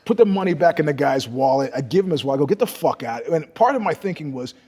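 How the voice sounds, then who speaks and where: An older man with a husky, slightly breathy voice tells profane stories in a casual interview. He swings between loud, animated bursts and low, hushed asides. The room carries a long reverb behind him. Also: quick pace. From New York. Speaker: guest storyteller.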